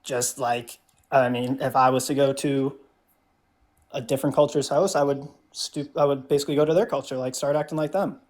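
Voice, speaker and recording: A man's voice: mid-range voice, steady tone, brisk, a little mellow. Hesitant young man stumbling through a debate. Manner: hesitant, stumbling, lots of fillers and restarts. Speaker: guest caller in a debate. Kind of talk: casual debate on a call.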